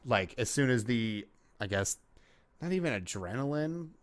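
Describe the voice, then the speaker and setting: A man's voice: mid-range voice, animated, normal speed, no room sound. A man hosting a solo podcast, chatting casually in a rambling way with lots of swearing and fillers. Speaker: podcast host. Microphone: podcast microphone.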